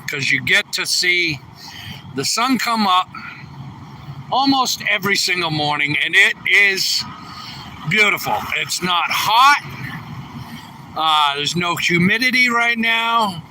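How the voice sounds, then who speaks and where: A tired trucker livestreaming outdoors, chatting casually and reading viewer comments aloud. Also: male voice, animated, slow pace, long pauses, sharp tone. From New England. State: a little tired. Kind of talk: casual live stream chat. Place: outdoors at a truck distribution center. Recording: distant phone mic with faint traffic noise. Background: trucks rumbling.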